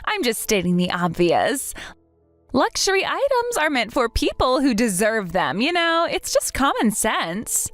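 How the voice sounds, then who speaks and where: Woman doing a haughty, entitled bride, condescending, bouncy high-ish delivery. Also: very animated, a little slow, fairly bright tone, dry recording, faint music behind. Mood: mocking. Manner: mocking, haughty. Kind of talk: dramatized story voice acting.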